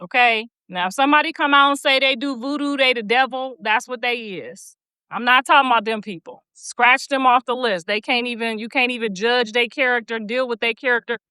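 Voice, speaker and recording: A woman's voice: a little high, fairly quick, bright, forceful tone, clean tone, dry recording. A woman hosting a livestream, telling stories bluntly with plenty of profanity and preachy asides, and reading viewer comments aloud. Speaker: livestream host. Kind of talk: casual livestream chat.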